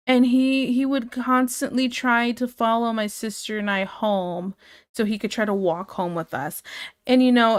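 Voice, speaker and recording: A woman's voice: mid-range voice, clear, resonant tone, no echo, clean studio sound. A woman from Ohio streaming while she draws, chatting casually and rambling as she answers her live chat and gets sidetracked.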